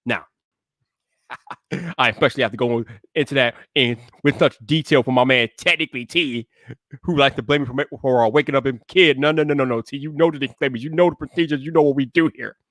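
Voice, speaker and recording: A man hosting a tech live stream in casual chat, hyping it up playfully and shouting greetings to his chat. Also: mid-range voice, fairly quick, no echo, studio quality.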